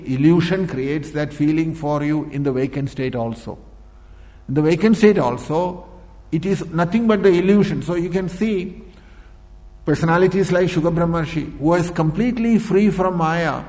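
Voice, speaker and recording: A man giving a spiritual discourse, repeating points, posing rhetorical questions and often clearing his throat. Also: a little high, a little mellow. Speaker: spiritual teacher. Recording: echoey hall with long reverb.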